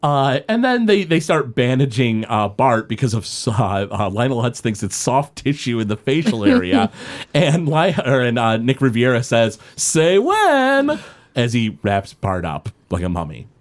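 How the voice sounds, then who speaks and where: A man's voice: medium pitch, animated, normal speed. A man chatting casually as a podcast co-host, rambling through an episode recap with many filler words and frequent laughter.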